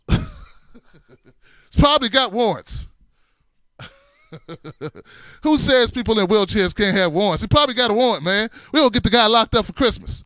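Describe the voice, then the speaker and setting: A middle-aged man hosting his own show, telling a comic story in an animated way, laughing along and dropping to hushed asides. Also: high-pitched, no echo. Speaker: show host.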